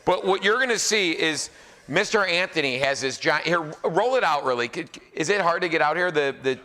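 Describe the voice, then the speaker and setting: A man's voice: a little high, lively intonation, brisk, bright, forceful tone. A man in his forties hosts a live cooking demo, joking and teasing the audience between tips. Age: 40s. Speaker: celebrity chef host. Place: pizza academy kitchen before a live audience.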